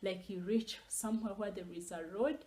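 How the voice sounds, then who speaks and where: Young woman vlogging a storytime, lively telling, slips into whispers now and then. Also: mid-range voice, normal speed, rough recording. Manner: animated storytelling with whispered asides. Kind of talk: casual storytime vlog.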